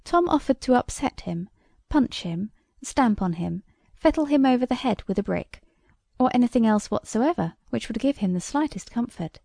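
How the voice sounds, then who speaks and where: A woman narrating a storybook in a measured, wry way as an audiobook reader. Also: fairly high pitch, animated, gravelly, dark tone, no echo, studio quality.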